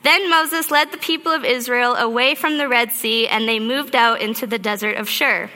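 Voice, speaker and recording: A woman preacher giving a sermon, telling a story in a lively way and acting out her own thoughts. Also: a little high, normal speed. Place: church auditorium. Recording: reverberant hall.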